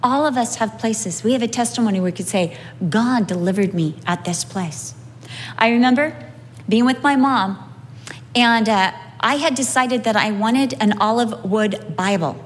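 Woman preacher with a higher voice, humorous storytelling testimony, reverberant hall. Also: normal speed. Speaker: speaker sharing a testimony. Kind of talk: sermon with personal storytelling.

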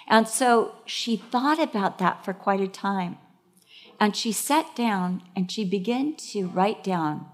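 A middle-aged woman preaching a sermon. She tells stories in an animated way and acts out the voices. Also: lowish voice.

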